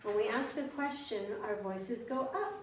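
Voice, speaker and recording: A woman's voice: on the high side, normal speed. A woman leads a group violin lesson, patiently walking her students through a melody and asking them questions as she goes. She sounds a bit distant from the mic, in an echoey room with a faint hum behind her. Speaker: violin teacher. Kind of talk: group music theory lesson.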